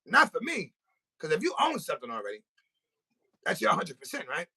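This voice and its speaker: A man hosting a podcast in a studio, ranting with animated, profane, comic storytelling. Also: on the high side, fairly quick, gravelly, husky. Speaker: podcast host. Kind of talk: casual podcast rant.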